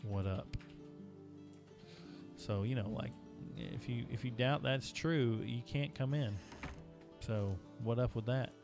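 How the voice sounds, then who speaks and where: A man's voice: mid-range voice, unhurried, vocal fry. A man streaming a video game live, chatting casually with viewers as he plays. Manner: chatty, talking to chat while playing. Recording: music playing behind.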